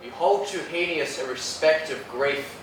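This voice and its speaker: A man's voice: on the high side, a little slow, a bit bright, slight background noise. A man playing a stern churchman rebuking a grieving lady, in classical stage acting. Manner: stern, reproving. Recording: echoey room taped from far off.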